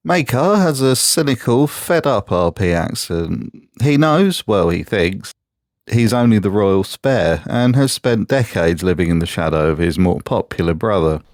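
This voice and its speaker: A man's voice: on the low side, animated, measured pace, darkish tone, no echo. A man from Britain reading a scripted voice-over commentary in a sardonic, mocking manner, recorded on a close mic. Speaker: YouTube commentator.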